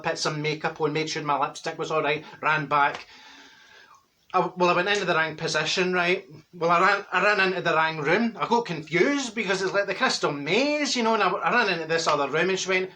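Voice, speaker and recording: A man's voice: on the high side, pushed and bright, a little hiss or hum. A man playing a chatty older Glaswegian woman in a comic monologue, rambling and gossipy with blunt asides and mixed-up words, in a Glaswegian Scottish accent. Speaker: comic character.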